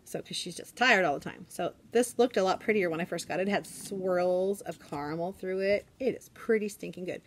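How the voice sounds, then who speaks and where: A woman in her forties, a teacher, chatting casually in a classroom vlog and often dropping to a hushed whisper. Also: on the low side, a little fast, hardly any pauses, slight background noise.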